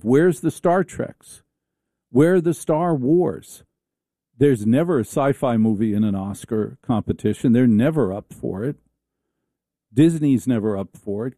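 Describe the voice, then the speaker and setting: Guy hosting talk radio, sarcastic rambling riff, very mellow voice, dry studio sound. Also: medium pitch, no echo. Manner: rambling, sarcastic, with restarts and stammers. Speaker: radio talk show host. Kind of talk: comic rant monologue.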